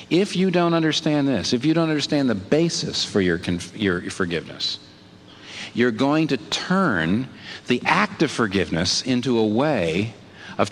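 A man preaching a sermon in an animated way, asking rhetorical questions and leaping up in pitch to stress a point. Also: slight background noise. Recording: long hall reverb.

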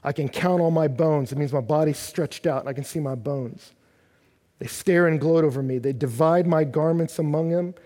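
High-voiced preacher in a reverberant hall. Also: male voice. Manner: animated, rising to near-shouts at peaks. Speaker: pastor. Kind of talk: sermon.

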